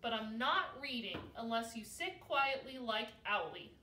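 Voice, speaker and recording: A woman's voice: on the high side, animated, unhurried, pushed and bright. A woman voicing a fussy, indignant baby owl. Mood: firm. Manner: indignant, pleading. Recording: roomy, from a distance.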